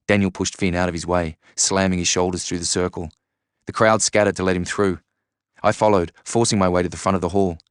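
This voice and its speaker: Low, resonant male narrator reading fiction steadily; dry studio sound. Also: steady tone, a little fast, smooth, no room sound. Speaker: audiobook narrator. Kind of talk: first-person novel narration.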